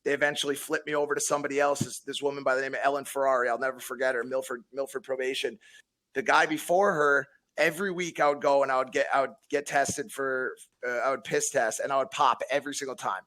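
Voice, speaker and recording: Male guest in his thirties from Connecticut, blunt and foul-mouthed, bright forceful delivery, restarts often. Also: medium pitch, fairly even intonation, fast talker. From Connecticut, USA. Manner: blunt, heavy swearing, frequent repeats. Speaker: podcast guest. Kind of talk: casual podcast storytelling.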